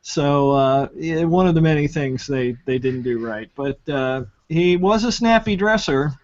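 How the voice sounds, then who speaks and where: A man's voice: fairly high pitch, measured pace, a little mellow. Chatty man on a lo-fi video call. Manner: chatty, laughs often, trails off with fillers. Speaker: panelist. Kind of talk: casual panel chat. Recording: lo-fi online call audio.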